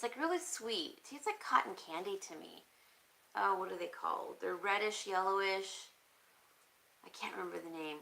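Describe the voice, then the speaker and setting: A woman with a bright, clear tone chats casually on a live stream. She reads viewer comments aloud and thinks out loud, often pausing with an easy "um, let's see.". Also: mid-range voice, rough recording. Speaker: crafting channel host.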